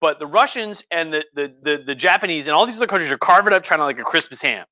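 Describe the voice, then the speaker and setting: Expressive and quick, the man's voice runs a little high, bright and forceful, though the recording is muffled and echo-free. He's a lecturer on a live stream, tipsy on wine, rambling through history with heavy profanity and mocking impressions.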